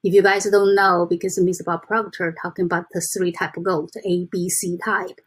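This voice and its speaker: A woman giving a casual motivational talk to her viewers, soft and halting, with frequent restarts and slow deliberate reading aloud. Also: fairly low pitch, flat delivery, husky. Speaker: self-help vlogger.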